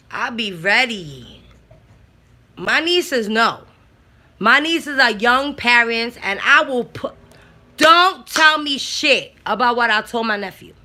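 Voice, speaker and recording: A woman from the Bronx, a mother and aunt talking bluntly about parenting, profane and animated. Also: fairly high pitch, slow pace, long pauses. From the Bronx, New York. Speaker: mother and aunt sharing opinions. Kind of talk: casual talk.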